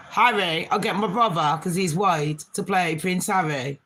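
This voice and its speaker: Her lowish, slightly bright voice moves at normal speed with few pauses. Originally from Jamaica, she has a Birmingham accent tinged with Jamaican, and she chats on a casual livestream, reading and answering viewer comments with frequent laughter.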